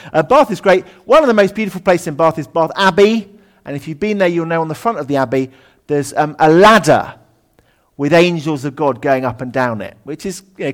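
The preacher, a man, talks through his sermon as if in conversation, full of ums and asides. He speaks in a lecture room and often drops to a low register.

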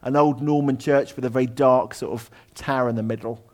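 With a steady tone and a brisk pace, a man gives a chatty sermon in a lecture room. He fills it with ums and tangents, his voice regularly dipping low.

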